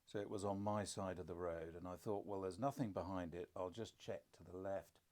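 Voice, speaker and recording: A man's voice: low-pitched, steady tone, brisk, a little mellow. An older man, a podcast co-host and father, telling stories in casual conversation with dry, self-deprecating humour.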